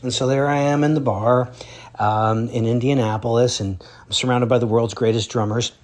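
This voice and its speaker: A man's voice: medium pitch, steady tone, normal speed, a little mellow. A man, a drummer and educator, telling heartfelt stories in a spoken tribute. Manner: earnest storytelling.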